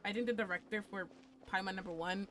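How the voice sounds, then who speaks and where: Bright-voiced, foul-mouthed woman gaming streamer. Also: medium pitch, steady tone, fast. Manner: chatty, crude, playful, talks to herself. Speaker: game streamer. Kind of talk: casual gaming commentary.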